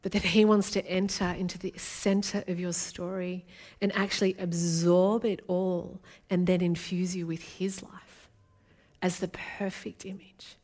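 A woman's voice: on the low side, flat delivery, a little slow, a little mellow. A woman, from Australia, preaching an earnest and intimate sermon as a guest speaker.

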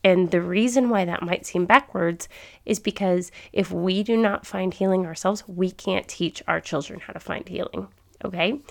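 Chatty woman podcast host, gravelly voice. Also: fairly low pitch, moderate pace, darkish tone. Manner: chatty and enthusiastic, thinking aloud. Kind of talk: casual faith podcast talk.

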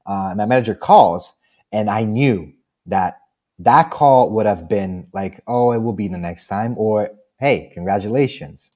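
A man's voice: fairly low pitch, a little slow, mellow. A man with an Italian accent, a guest actor on an interview podcast, telling a story casually, laughing often and acting out the people he quotes. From Italy.

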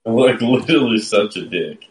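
A man's voice: on the low side, lively intonation, moderate pace, poor audio. A man chiming into a casual show recap chat with dry, wry remarks.

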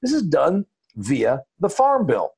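A man hosts a podcast in a folksy, emphatic way. His voice is a little husky, and his pitch rises and falls a lot as he leans into the points he makes. The talk stays casual and chatty. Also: wildly swooping pitch, takes it slowly, darkish tone. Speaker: podcast host.

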